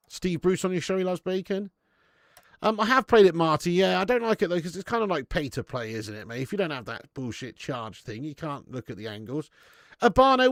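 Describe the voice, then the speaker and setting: His voice sits in the mid-range, and the studio-quality audio carries no echo. He's a fan channel host streaming a football watch-along live from his home garage, swearing and chatting casually as he reads out messages from viewers.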